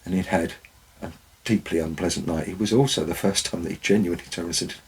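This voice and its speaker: Very deep, husky-voiced man telling stories. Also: fast, few pauses, low-quality recording. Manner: dry, wry anecdotal storytelling. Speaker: former forest warden. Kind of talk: storytelling narration.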